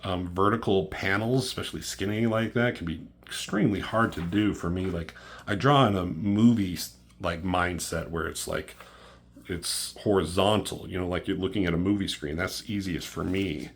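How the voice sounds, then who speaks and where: A man's voice: low voice, normal speed, a little hiss or hum. A man casually reviewing a comic book, rambling and swearing, acting out characters' lines in a raised voice. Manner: profane, rambling, acts out dialogue in raised voice.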